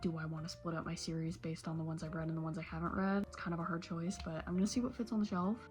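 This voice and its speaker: A woman's voice: deep voice, little pitch movement, fast talker, darkish tone, faint music behind. A woman in her late teens talking in a casual, tearful vlog, rambling with lots of "like" fillers. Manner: emotional, rambling, many "like" fillers. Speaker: vlogger. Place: bedroom at home.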